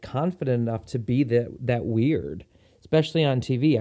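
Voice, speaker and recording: Male podcast host, casual enthusiastic chatter, mellow mid-pitched voice. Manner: chatty and enthusiastic, frequent ums. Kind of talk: casual solo podcast chat.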